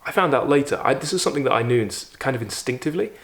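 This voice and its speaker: A man's voice: mid-range voice, animated, rapid-fire. A man, vividly retelling a personal story in a casual video, with frequent fillers. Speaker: YouTube host. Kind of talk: storytelling vlog.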